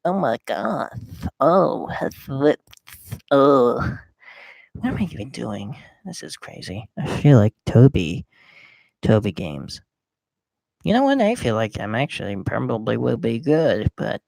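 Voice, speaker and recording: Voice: mid-range voice, gravelly, dry recording. A young gamer rambling in casual gameplay commentary, talking to himself and the audience, recorded close on a microphone.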